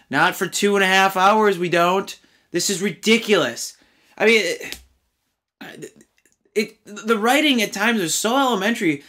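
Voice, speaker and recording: Man, film review host, high voice, bright tone, exasperated, rambling. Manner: exasperated, rambling with fillers and restarts. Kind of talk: casual ranting review.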